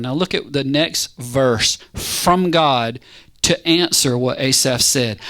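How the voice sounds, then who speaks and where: A man preaching a casual, conversational sermon, animated and constantly checking in with his listeners. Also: medium pitch, slow. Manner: animated, conversational, keeps asking "right?".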